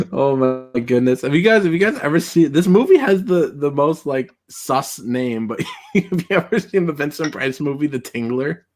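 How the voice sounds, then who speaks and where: A man's voice: a little high, big pitch swings, measured pace, darkish tone. A man co-hosting a casual movie chat, rambling with lots of filler words and frequent laughter. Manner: rambling, laughs often, restarts lines. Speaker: podcast co-host.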